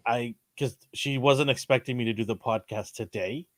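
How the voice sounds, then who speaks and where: A man's voice: mid-range voice, normal speed, a bit bright, no room sound. A man co-hosting a casual podcast, talking about a TV episode with playful jokes and vivid exaggeration. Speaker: podcast co-host. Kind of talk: casual chat reviewing a TV episode.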